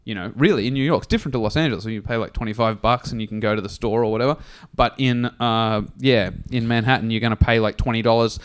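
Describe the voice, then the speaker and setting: A man rambles through a story on a comedy podcast, swearing freely as he goes. His pitch sits in the middle range, and his delivery stays casual and loose. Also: steady tone, quick pace, hardly any pauses, clear, resonant tone. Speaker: podcast co-host.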